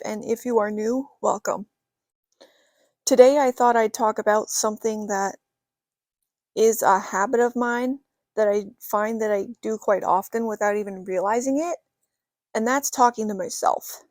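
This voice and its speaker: A young woman chats to camera in a relaxed, rambling vlog, filling pauses with "you know" and "like." Her voice sits at an ordinary middle pitch. The sound is close and dry. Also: dry recording. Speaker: vlogger. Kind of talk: casual vlog talk to camera. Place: her bedroom.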